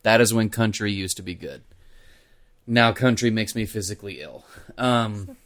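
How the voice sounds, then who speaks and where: Low-ish kentucky guy on a podcast, animated, fillers, swears a lot. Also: normal speed. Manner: animated storytelling with frequent fillers and profanity. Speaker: podcast co-host. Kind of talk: casual podcast chat.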